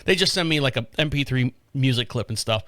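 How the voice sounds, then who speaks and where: An American man hosting a podcast, telling a rambling, animated story with frequent restarts and casual swearing. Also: mid-range voice, fairly quick, no room sound. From United States. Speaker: podcast host.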